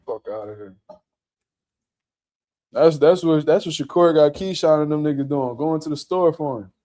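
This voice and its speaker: A young man, a boxer, telling animated, profane stories in street slang during a casual podcast chat. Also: on the high side, a little fast.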